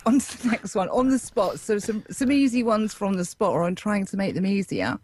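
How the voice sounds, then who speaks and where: A woman running a casual quiz, brisk and teasing with the players. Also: medium pitch, expressive, darkish tone, dry recording. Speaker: quiz presenter.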